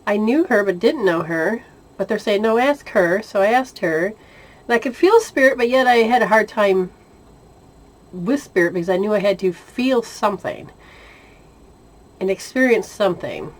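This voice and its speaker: A woman shares a personal spiritual experience in a loose, chatty storytelling way. She is animated, laughs often and acts out the voices in her conversations. Her voice sits at a medium pitch. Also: normal speed. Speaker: spiritual intuitive sharing experiences. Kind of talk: casual storytelling monologue.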